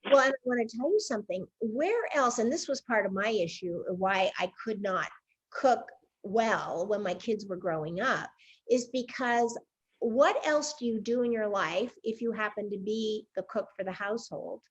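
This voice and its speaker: A woman's voice: mid-range voice, moderate pace, slightly rough. A woman in her sixties hosting a casual interview, candid and a little rambling. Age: 60s. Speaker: show host. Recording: somewhat dull, lo-fi sound.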